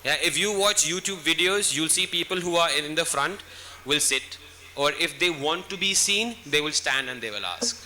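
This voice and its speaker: A man's voice: fairly high pitch, expressive, normal speed, sharp tone, a little hiss or hum. A man answering student questions at a school event, instructive and checking in often with "okay?". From India.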